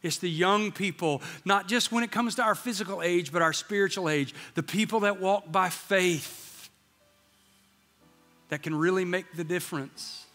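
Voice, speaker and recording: A man's voice: high voice, normal speed, sharp tone, big-room sound, soft background music. A man in his fifties preaching a sermon, telling a candid story and acting out the dialogue. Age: 50s. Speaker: pastor. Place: church sanctuary.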